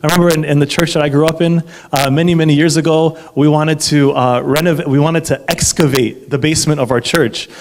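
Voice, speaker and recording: A man's voice: fairly high pitch, brisk, hardly any pauses. A man, a marriage counselor, giving a live talk to an audience, emphatic and often asking the listeners if they follow. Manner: animated, emphatic, asks the audience for agreement.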